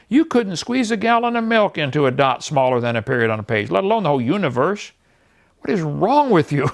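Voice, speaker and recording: A man's voice: high voice, normal speed, gravelly. A man in his sixties preaching in a mocking, scornful way, laughing at the views he attacks and acting out the people in his stories. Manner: animated storytelling, quotes others in voices. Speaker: evangelist. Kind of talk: preaching talk.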